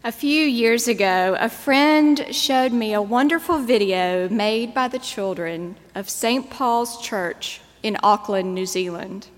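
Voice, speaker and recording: Woman preacher giving a sermon, unhurried and a little high in pitch, telling a story in a long church reverb. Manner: measured, storytelling delivery.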